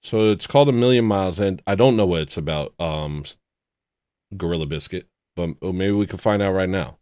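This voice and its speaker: A man's voice: low voice, brisk, a little mellow, smooth, dry recording, studio quality. A man hosting a casual livestream, rambling, joking at his own expense and greeting chatters by name. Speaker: livestream host.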